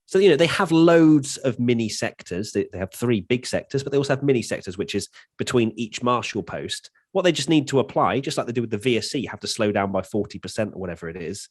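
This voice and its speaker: A young man co-hosting a casual podcast, giving animated opinions. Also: mid-range voice, fast talker, few pauses, slightly rough, no room sound, clean studio sound. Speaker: podcast co-host. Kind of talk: casual chat.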